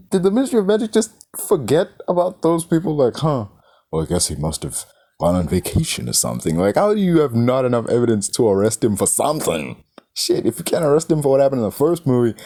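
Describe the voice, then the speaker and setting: A man's voice: a little high, mellow. A man reviewing a movie in an exasperated, incredulous rant, swearing often and firing off questions. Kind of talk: ranting film review.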